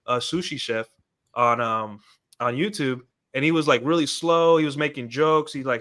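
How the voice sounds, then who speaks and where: A man's voice: medium pitch, moderate pace, fairly bright tone. A man co-hosting a podcast, talking in a loose, rambling way with many restarts. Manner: rambling, full of restarts and fillers. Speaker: podcast co-host. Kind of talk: casual podcast discussion.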